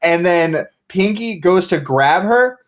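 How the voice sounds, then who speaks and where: A man's voice: sits high, lively intonation. Laughing male game master narrating. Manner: laughing, swearing, acting out characters in quick quotes.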